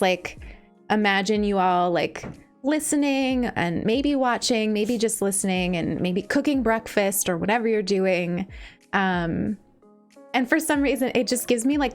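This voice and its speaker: A young woman talks casually to her live-stream viewers in an average-pitched voice, gushing with emotion and breaking into laughter at herself. Faint music plays in the background.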